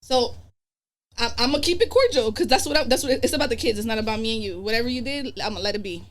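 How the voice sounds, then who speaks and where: A woman's voice: a little high, very fast. A woman guest on a podcast, telling her story bluntly, with a lot of swearing. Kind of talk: casual chat.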